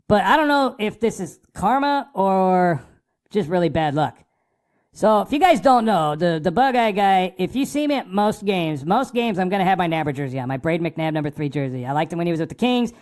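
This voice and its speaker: A man hosting a casual hockey podcast, recapping games in excitable, profane fan talk and acting out his own remarks. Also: high-pitched, brisk.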